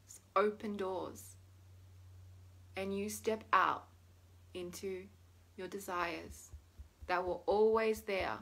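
A woman leading a guided tapping meditation, speaking slow, drawn-out affirmations and letting her voice fall soft and low at the ends of phrases. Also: steady tone, vocal fry. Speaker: energy healing guide.

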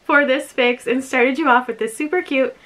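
A woman's voice: sits high, fairly even intonation, moderate pace, a bit bright. A young woman vlogging an unboxing in casual chat, gushing and bubbly, saying "like" often. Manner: gushing, bubbly, says "like" a lot. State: a bit out of breath.

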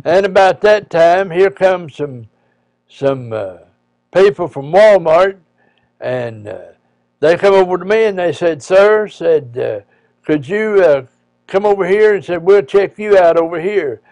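A man, a preacher, telling a personal story in a folksy, halting way with frequent pauses and restarts. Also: high-pitched, animated, a little mellow, no room sound.

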